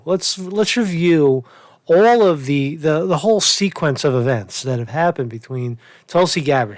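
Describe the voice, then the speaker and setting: A man's voice: on the high side, no echo, clean studio sound. A man giving casual, rambling political commentary as a vlogger, crude and profane, repeatedly calling the listener "man", tired and sore from a long drive.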